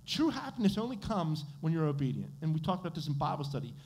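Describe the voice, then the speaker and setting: An American man gives a sermon to his congregation, his voice pitched fairly high and swinging widely as he quizzes them. He keeps turning his points into questions and answering them himself. A faint hiss of background noise hangs in the church. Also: big pitch swings, fast talker, a little mellow. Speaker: pastor. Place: church sanctuary.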